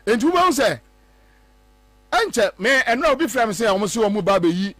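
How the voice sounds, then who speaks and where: A Ghanaian man talks through politics in a lively, high-pitched voice, sliding between Twi and English and mimicking others as he goes. The sound is dry and close, with a faint mains hum underneath. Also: brisk, dry recording. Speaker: political commentator. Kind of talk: animated political commentary.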